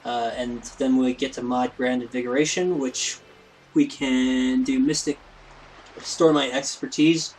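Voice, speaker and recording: A man's voice: mid-range voice, steady tone, a little slow, slight background noise, low-quality recording. A man hosting a let's play, rambling in casual gameplay commentary and poking fun at himself. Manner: rambling, self-deprecating, lots of fillers.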